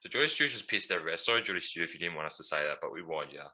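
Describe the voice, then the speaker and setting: Sitting low in pitch, this man's voice is expressive, very fast, pushed and bright. Co-hosting a podcast, he tells a story in casual, rambling chat, laughing and filling it with ums.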